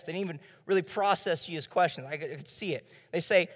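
A young man with a Southern US accent preaching a sermon as pastor, acting out the disciples' lines in quick bits of dialogue. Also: high-pitched, expressive, a bit bright. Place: church hall. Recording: long church hall reverb.

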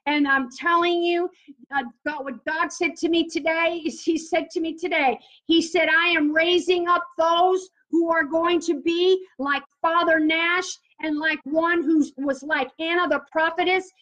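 A woman's voice: very high-pitched, fairly bright tone. A woman preaching on prayer, reading scripture aloud and commenting on it fervently. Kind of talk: teaching on prayer. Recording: dull lo-fi recording.

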